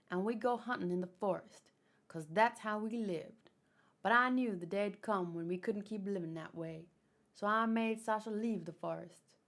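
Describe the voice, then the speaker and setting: A woman's voice: medium pitch, a bit bright. A woman voicing a weary older hunter father who speaks steadily and solemnly, in a manga read-aloud.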